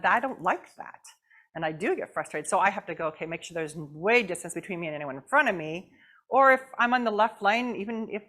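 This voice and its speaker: A middle-aged woman giving a storytelling talk as a guest speaker, animated and acting out voices and dog barks. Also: mid-range voice. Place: church hall.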